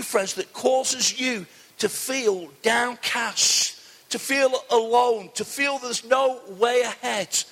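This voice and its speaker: A man's voice: sits high, bright, forceful tone. A man preaching an earnest sermon as pastor, often calling his listeners friends. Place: church hall. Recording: long church reverb.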